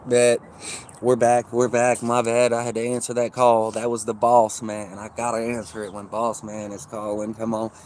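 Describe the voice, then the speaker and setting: A man's voice: mid-range voice, monotone, moderate pace, darkish tone, a little hiss or hum. A man livestreaming and chatting casually with viewers, rambling in loose, profane street slang.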